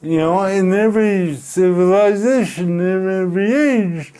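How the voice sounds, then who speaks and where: A middle-aged man from Canada, telling a personal story in an interview, speaking slowly and deliberately with pauses. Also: high-pitched, dark tone. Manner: slow, deliberate speech with pauses and restarts. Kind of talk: reflective storytelling.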